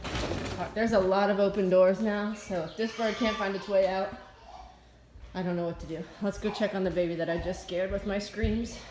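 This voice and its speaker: Inside a house, a young mother films a casual home video, speaking in a mid-range, steady, slightly mellow voice at a moderate pace. She sounds panicky and nervous, swearing and letting out jittery laughs, with slight background noise behind her.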